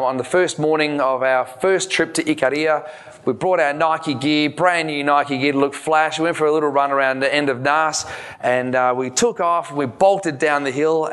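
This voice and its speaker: A man's voice: medium pitch, fairly bright tone. A man, a naturopath, giving a live talk in a casual storytelling way, with many fillers and restarts. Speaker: naturopath and public speaker.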